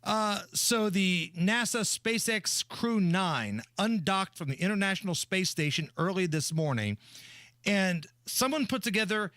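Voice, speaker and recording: High, bright-voiced radio co-host. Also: male voice, expressive, a little slow, no echo, clean studio sound. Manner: teasing, playful build-up. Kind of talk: casual talk radio banter.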